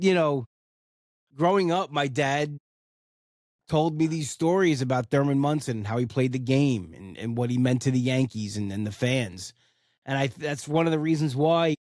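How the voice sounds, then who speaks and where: A man's voice: medium pitch, darkish tone, no echo. Rambling New man, dry close sound. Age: 40s. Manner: rambling and heartfelt, lots of "you know" fillers. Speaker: podcast host. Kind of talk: casual solo podcast talk.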